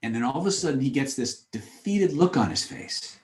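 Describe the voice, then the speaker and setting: A man's voice: mid-range voice, a little fast. A man giving a live seminar on influence, telling stories in an emphatic, repetitive way. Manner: animated, emphatic, repetitive phrasing. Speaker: influence trainer. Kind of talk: live seminar talk with storytelling. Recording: echoey room.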